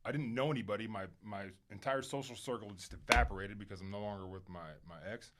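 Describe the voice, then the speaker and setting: A man speaking candidly as a podcast guest, emphatic and animated at times, then quiet and reflective, swearing casually and using plenty of fillers. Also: fairly low pitch, quick pace, heavy background noise. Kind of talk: candid conversational interview.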